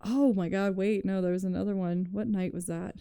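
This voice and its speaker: Chatty streamer woman, smooth mellow voice. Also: medium pitch, steady tone, a little fast, no room sound, clean studio sound. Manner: chatty, rambling storytelling with frequent "like" and swearing; laughs often while telling stories. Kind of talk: casual chat with viewers.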